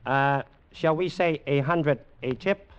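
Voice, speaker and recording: An actor playing a menacing, domineering warlord general, speaking clipped broken English with a contemptuous manner. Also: male voice, on the high side, slow, clear, resonant tone. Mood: gruff, scornful. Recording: dull lo-fi old film sound with faint hiss.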